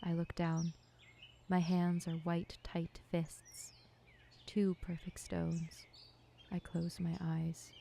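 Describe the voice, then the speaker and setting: Hushed, mellow woman narrating poetry. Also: on the low side, completely flat delivery, gravelly, a little hiss or hum. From United States. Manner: slow, measured, hushed, with occasional whispers. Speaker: filmmaker narrating her own work. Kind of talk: poetic scripted narration.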